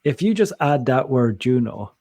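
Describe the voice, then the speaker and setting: A man's voice: medium pitch, very animated, normal speed, dark tone, no room sound. Guy co-hosting a podcast, rambly, keeps cutting himself off, dry close mic. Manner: rambling, digressive, self-interrupting. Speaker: podcast co-host. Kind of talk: casual chat.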